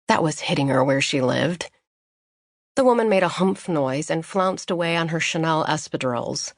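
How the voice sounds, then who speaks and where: Wry low-voiced woman narrating. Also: lively intonation, moderate pace, no echo, studio quality. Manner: wry, sardonic. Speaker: audiobook narrator. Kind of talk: scripted first-person narration. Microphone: close studio mic.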